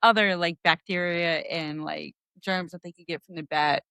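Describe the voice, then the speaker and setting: A woman's voice: fairly low pitch, fairly even intonation, moderate pace, sharp tone, clear, resonant tone, no echo. A woman in her thirties co-hosting a casual parenting podcast, talking earnestly and reflectively with many fillers. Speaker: podcast co-host. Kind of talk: casual chat.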